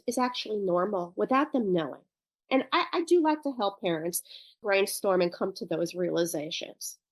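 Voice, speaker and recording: A woman with a medium-pitched voice, recorded with no echo, is a guest on a parenting podcast interview. She explains her work with parents thoughtfully, rambling a bit and restarting her sentences.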